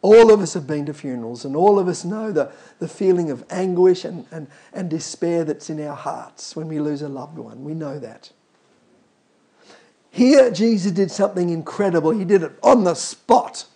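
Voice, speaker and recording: A man's voice: fairly high pitch, animated, normal speed, mellow, husky. A man preaching a sermon, emphatic and calling out to the congregation.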